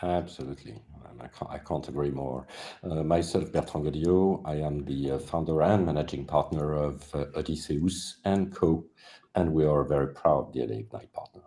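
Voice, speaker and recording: A man hosting a live business talk show, giving lively scripted introductions with the odd stumble. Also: very deep voice, moderate pace.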